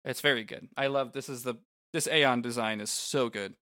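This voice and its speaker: A man's voice: medium pitch, normal speed, pushed and bright, dry recording, clean studio sound. A man co-hosting a podcast in loose, chatty talk, laughing often and swearing. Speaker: podcast co-host. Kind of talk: casual chat.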